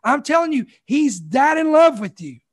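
This man's voice is very high and sing-song, moving at a normal speed. He preaches a sermon with fervor, building repeated phrases and calling "come on" to the congregation.

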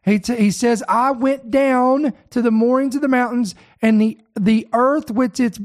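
A man preaching a sermon, reading scripture aloud and breaking in to address his listeners directly, slowing down to stress key words. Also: very high-pitched, steady tone. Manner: slows to stress key words, then speeds up.

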